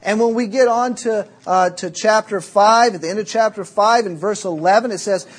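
A Southern American man delivering a sermon with a fairly high, husky voice. He preaches emphatically, drawing out key words, then drops into a quieter, chattier storytelling tone. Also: moderate pace.

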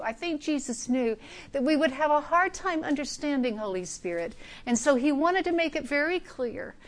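A woman preaching a sermon in an earnest, emphatic way, dropping now and then to a soft hush. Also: high-pitched, animated, normal speed.

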